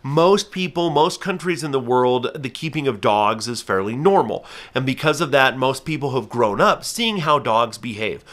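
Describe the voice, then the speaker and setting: A man with a mid-range, slightly bright voice talks to camera on his own channel as a falconer and host. He speaks at a normal, animated pace with hardly any pauses, earnestly and carefully explaining his hobby through everyday examples in a casual, educational way.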